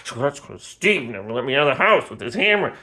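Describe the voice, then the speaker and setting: A man hosting a comedy show, rambling in a deadpan way with many ums and uhs. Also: mid-range voice, fast. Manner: rambling, deadpan, full of fillers. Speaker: comic host.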